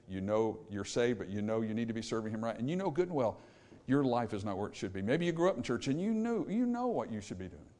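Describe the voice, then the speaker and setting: Fiery preacher man. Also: mid-range voice. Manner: fiery, swinging from loud emphasis to hushed pleading. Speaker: pastor. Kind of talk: sermon. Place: church sanctuary.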